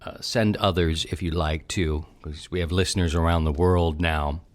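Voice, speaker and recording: A man's voice: low-pitched, steady tone, normal speed. A man with a Baltimore accent hosting a podcast in casual, rambling solo talk, joking and drifting off topic. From Baltimore, Maryland. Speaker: podcast host.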